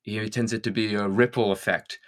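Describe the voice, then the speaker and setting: A man's voice: on the low side, fairly even intonation, a little fast. A man talking as a guest in a conversation, thoughtful and searching, sometimes laughing. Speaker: guest songwriter. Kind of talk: reflective conversation.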